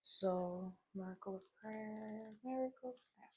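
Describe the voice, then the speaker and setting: A woman giving a spiritual card reading, speaking softly and warmly about the messages she draws. Her voice is husky with a gravelly edge, and she reads at a gentle, unhurried pace. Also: medium pitch, level tone, highs cut off. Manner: soft, emotional, reads aloud from cards with laughs. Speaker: tarot reader.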